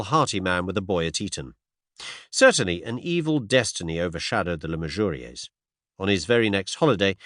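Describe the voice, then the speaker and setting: Guy reading an audiobook, animated delivery, super dry mic. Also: fairly low pitch, dry recording. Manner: measured storytelling, first-person narrator. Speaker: audiobook narrator. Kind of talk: scripted narration.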